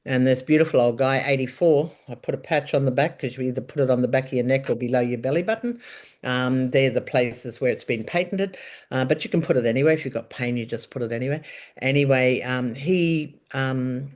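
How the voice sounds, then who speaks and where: A middle-aged Australian woman and nurse telling her story in a casual chat, animated and emphatic, rambling with frequent restarts. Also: a bass voice, a little fast. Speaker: guest, nurse.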